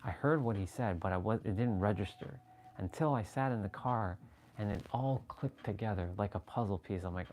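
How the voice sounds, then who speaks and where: A man hosting a casual livestream, talking excitably with rambling restarts and sudden jumps in voice as he relives moments, swearing freely. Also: on the low side, moderate pace, a little hiss or hum. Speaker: livestream host. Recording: faint background music.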